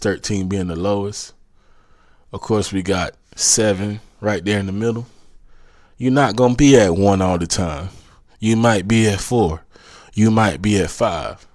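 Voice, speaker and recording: A man's voice: fairly low pitch, a little mellow, dry recording, studio quality. A man from South Carolina with a Southern accent, hosting a podcast and giving a preachy, motivational monologue that keeps repeating its urgings. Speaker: podcast host.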